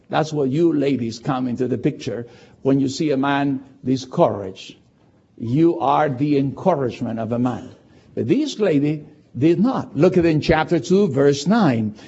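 Animated preacher. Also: male voice, a little high, slightly rough. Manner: animated, repetitive restarts, rising to emphatic shouts. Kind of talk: sermon. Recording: dull lo-fi sound.

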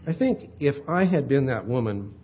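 A man's voice: mid-range voice, very animated, moderate pace, a little mellow, slightly rough, muffled recording. A male pastor preaching a sermon in a conversational way, often checking in with his listeners. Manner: conversational, checks in with "all right?".

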